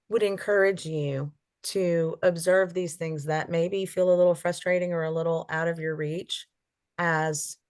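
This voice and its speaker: A woman with a fairly low voice giving an animal communication reading. She explains gently and reflectively in casual talk.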